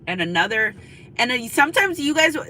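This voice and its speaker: Chatty woman tarot reader, bright voice. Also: a little high, sing-song, brisk, slight background noise, poor audio. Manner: chatty, confiding, repeats "you know what I'm saying". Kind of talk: spiritual reading monologue. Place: in a car.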